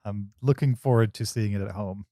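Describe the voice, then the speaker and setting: A man's voice: lowish voice, fairly quick, warm tone, no room sound. A man in his forties co-hosting a movie podcast, chatting casually with a dry, teasing manner. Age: 40s. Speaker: podcast co-host. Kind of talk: casual chat.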